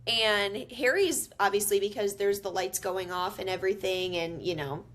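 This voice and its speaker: A woman co-hosting a podcast, casually recapping a film with relaxed ums and likes. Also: mid-range voice, normal speed. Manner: easygoing storytelling with frequent ums and likes. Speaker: podcast co-host. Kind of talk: casual movie recap chat.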